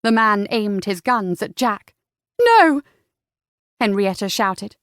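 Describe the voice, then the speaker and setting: Brief: female audiobook narrator, mid pitch, measured delivery, dry close sound. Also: steady tone, a bit bright, clear, resonant tone, no room sound. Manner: measured storytelling. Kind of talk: scripted narration.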